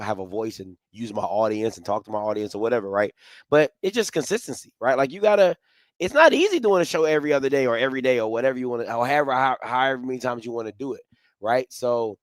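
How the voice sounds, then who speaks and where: A man's voice: mid-range voice, dry recording. A man who runs the channel, chatting casually about the game in an informal, slangy way. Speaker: channel owner and co-commentator. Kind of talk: casual sports banter.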